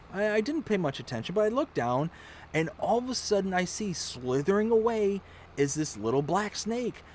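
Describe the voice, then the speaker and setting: A man's voice: medium pitch, a little hiss or hum. A man hosting a casual gaming livestream, chatting and telling funny stories, acting out his own shrieks along the way. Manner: animated storyteller, acts out his own shrieks. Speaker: livestream host. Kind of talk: casual chat while gaming.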